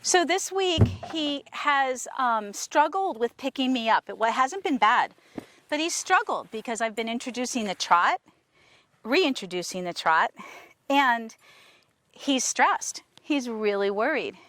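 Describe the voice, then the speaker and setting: A woman trainer working a horse outdoors, her voice sitting a little high and swinging through a wide, lively range. She switches between gentle coaxing praise for the animal and excited explanations to the camera. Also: unhurried, slight background noise. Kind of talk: casual training vlog talking to camera and horse.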